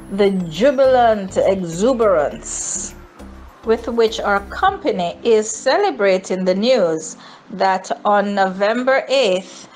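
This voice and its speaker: Presenting her travel company's daily news segment, a Jamaican woman comes across as sarcastic and lamenting, punctuating it with high whoops of fake cheer.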